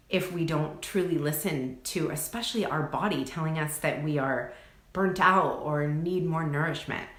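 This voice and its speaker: A woman, talking in a low voice that bounces around an echoey room. She gushes over viewers' comments during a live coaching stream and drops casual swear words into her chatty answers. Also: a bit bright. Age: 40s.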